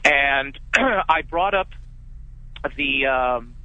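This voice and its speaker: A man's voice: medium pitch, expressive, extremely slow. A man from California calling in to a radio program to ask a question, speaking hesitantly with many fillers. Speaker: caller. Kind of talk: call-in question. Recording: tinny phone line.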